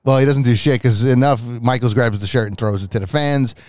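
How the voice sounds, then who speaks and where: A man co-hosting a podcast, telling a wrestling match play by play in a profane, excitable way. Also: medium pitch, fairly quick, no echo. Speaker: podcast co-host. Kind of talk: casual wrestling recap chat.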